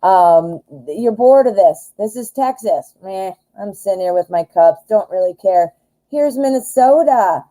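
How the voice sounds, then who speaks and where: A woman reads tarot cards live for her viewers, chatty and quick to gush and giggle. Her voice sits at a middle pitch with a soft, mellow tone. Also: poor audio. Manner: excitable and giggly, often gushing. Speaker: tarot reader and live-stream host.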